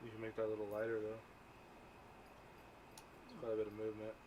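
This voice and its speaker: A man's voice: lowish voice, completely flat delivery, quick pace. Rambling, swearing man on a noisy patio. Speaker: host. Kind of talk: casual chat. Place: outdoor patio. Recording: noisy outdoor ambience.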